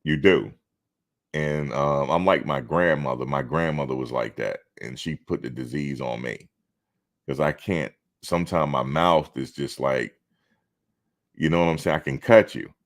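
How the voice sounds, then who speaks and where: A man's voice: a bass voice, measured pace. A man hosting a live stream, talking casually and bluntly, outspoken and swearing freely.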